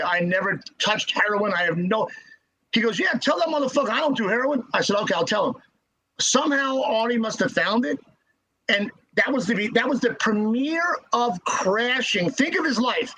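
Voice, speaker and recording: A man telling stories as a podcast guest in casual chat, halting and repeating words as he restarts. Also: high-pitched, sharp tone, poor audio.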